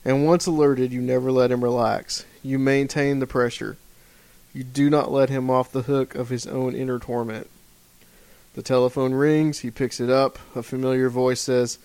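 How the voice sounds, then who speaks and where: A man co-hosting a casual podcast chat, rambling and easygoing, sometimes reading a passage aloud in a steady, measured way. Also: medium pitch, gravelly, clear, resonant tone, no room sound. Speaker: podcast co-host.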